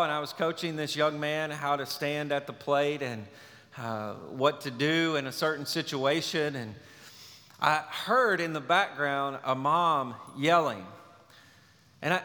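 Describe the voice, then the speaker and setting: A male pastor preaching a sermon, telling a story in a relaxed, conversational way. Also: a little high, a little slow. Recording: long reverb of a large hall.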